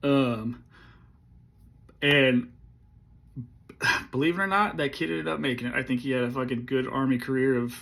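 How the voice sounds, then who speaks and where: A man in his forties, an army veteran, telling a story in a casual, laid-back way, swearing freely and often clearing his throat. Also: mid-range voice, steady tone, normal speed, pauses often, fairly bright tone.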